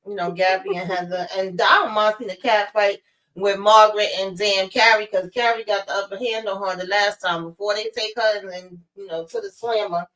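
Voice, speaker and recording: A woman's voice: medium pitch, fairly bright tone, rough recording. Casual guest: a chatty woman giving her take, then plugging shows with a sing-song sign-off. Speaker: guest reviewer. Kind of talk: casual live-stream chat.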